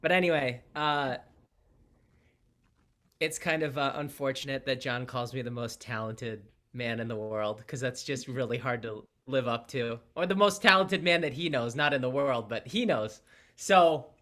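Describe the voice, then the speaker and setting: A man's voice: medium pitch, normal speed, pushed and bright. A man from Canada, a pastor, telling his story in an easygoing, joking way. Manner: easygoing, joking, self-deprecating. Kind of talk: casual interview chat.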